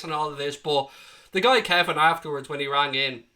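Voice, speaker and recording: A man's voice: on the high side, a little fast, pushed and bright. A man hosting a live fan stream, reading viewer comments, passionate and ranting, swearing freely, with a slight tickly cough. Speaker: fan channel host.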